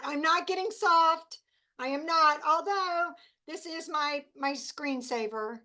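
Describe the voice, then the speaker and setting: A woman's voice: high voice, expressive, unhurried, bright, forceful tone. An older woman hosting an online group call, chatting casually in a playful way and laughing easily. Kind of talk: casual chat. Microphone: video call.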